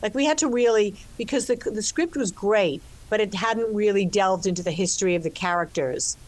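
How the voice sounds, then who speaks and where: An older woman talks freely about her work in a relaxed interview. She circles back on her words, starts over, and fills the gaps with "you know." Her voice sits at a middle pitch. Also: fairly quick. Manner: expansive, restarts often, many "you know"s. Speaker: actress and co-writer discussing her film. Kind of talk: conversational interview.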